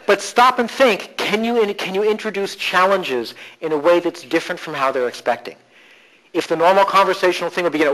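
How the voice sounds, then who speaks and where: Guy giving a conference workshop, slightly high voice, playful, leans hard on words. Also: a little fast, poor audio. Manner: animated, playful, varies emphasis for effect. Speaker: workshop presenter. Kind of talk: live conference workshop talk.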